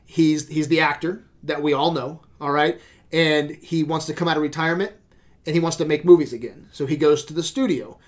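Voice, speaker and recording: A man's voice: on the high side, fairly quick. A man hosting a casual podcast chat, retelling a show scene by scene with lots of swearing. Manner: animated storytelling with swearing and laughs. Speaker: podcast host.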